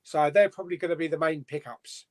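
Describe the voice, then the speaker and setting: A man hosts a relaxed live stream and chats away, full of "um"s and half-finished sentences. His voice sits high for a man. He sounds easygoing and rambling. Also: fast talker. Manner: chatty, rambling with fillers and restarts. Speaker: host. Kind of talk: casual live-stream chat.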